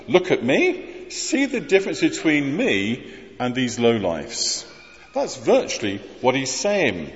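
A man's voice: medium pitch, a little hiss or hum. A man preaching a sermon, conversational and wry, asking rhetorical questions. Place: church. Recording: muffled voice in a reverberant church.

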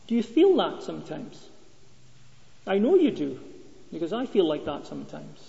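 Telling stories to his congregation and asking them rhetorical questions, this Scottish preacher speaks in a high, gravelly yet mellow voice. His intonation is lively and his pace moderate. Long reverb hangs over the dull, lo-fi audio.

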